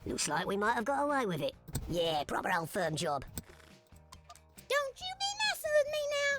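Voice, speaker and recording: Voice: medium pitch, wildly swooping pitch, moderate pace. Actors voicing cartoonish worm soldiers in a video game, barking exaggerated one-liners in many different accents. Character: assorted cartoonish worm soldiers, mixed ages. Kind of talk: game character voice clips. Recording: game music behind.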